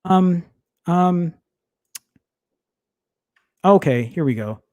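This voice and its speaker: This is a man hosting a casual tech livestream, his voice sitting slightly higher than most men's. He rambles and stumbles over his words, breaks off to mutter or swear quietly under his breath, and keeps asking his viewers to bear with him. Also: lively intonation, very slow, lo-fi sound. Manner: rambling, self-interrupting, apologetic while fumbling with files. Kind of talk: casual live-stream chat.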